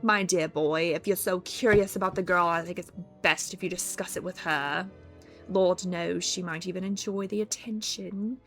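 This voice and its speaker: A woman's voice: lowish voice, fairly even intonation, moderate pace, fairly bright tone, faint music behind. A woman voicing a composed, gracious middle-aged mother in a gothic game.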